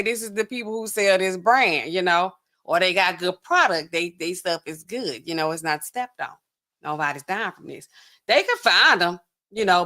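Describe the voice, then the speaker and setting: A woman's voice: low-pitched, fairly bright tone. A young woman hosting a casual reaction livestream, chatting straight to her viewers and laughing often. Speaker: pharmacist host.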